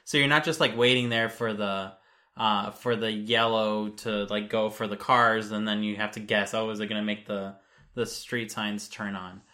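A woman's voice: a bass voice, fairly even intonation, normal speed, fairly bright tone. A woman co-hosting a casual chat, making dry, wry remarks and often giving short agreements.

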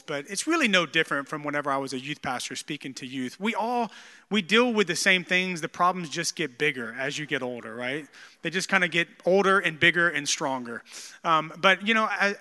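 Brief: thirties pastor, lively storytelling sermon, very bright tone. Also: male voice, fairly high pitch, in a large hall. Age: 30s. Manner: energetic, storytelling with frequent restarts.

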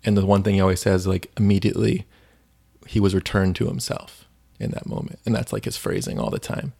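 A man's voice: low voice, fairly even intonation, brisk, gravelly, mellow, slightly rough. A man co-hosting a faith podcast, chatting casually and retelling stories with many fillers. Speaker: podcast co-host.

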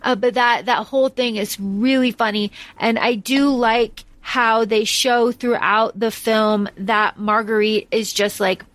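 A woman's voice: fairly high pitch, fairly even intonation, unhurried, hardly any pauses, fairly bright tone, no echo. A woman co-hosting a podcast, chatting casually about a film, emphatic and swearing freely with lots of restarts. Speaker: podcast co-host. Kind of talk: casual film-discussion chat.

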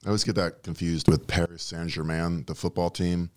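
Deep-voiced wry podcast host, man. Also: fairly quick, dry recording, clean studio sound. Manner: wry, crude, deadpan jokes. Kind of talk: casual comedic chat.

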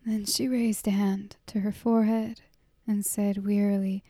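A woman reading a story aloud in a hushed, half-whispered narration. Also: medium pitch, little pitch movement, measured pace, few pauses, dry recording, clean studio sound. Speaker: audiobook narrator. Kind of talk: soft-spoken storybook narration.

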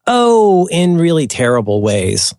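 A man chatting casually on a podcast, tossing in quick jokes and laughing easily. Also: fairly high pitch, sing-song, a little mellow, dry recording, clean studio sound. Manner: quick joking asides, laughs readily. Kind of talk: casual chat.

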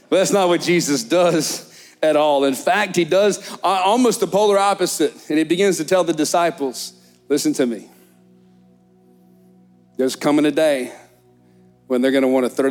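A middle-aged man, preaching a sermon as pastor in a church, telling stories with lively animation. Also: on the high side, moderate pace, pauses often, soft background music. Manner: animated storytelling, acts out disciples' excited chatter. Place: church sanctuary.

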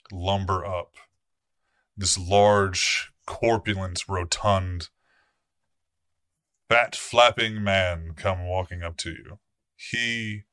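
A man's voice: low-pitched, pushed and bright, no room sound, studio quality. A man narrating a tabletop role-playing game as game master, casual and self-correcting, with some profanity.

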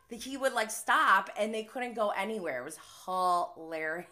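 Bright-voiced chatty woman recapping TV. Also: mid-range voice, expressive, normal speed. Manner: chatty, heavy use of "like", often laughing. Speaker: reality TV recap host. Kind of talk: casual live-stream recap commentary.

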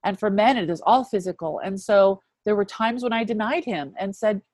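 A woman in her fifties sharing a personal faith testimony as an interview guest, earnest and reflective, often dropping to a hushed voice. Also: mid-range voice, normal speed, no echo. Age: 50s.

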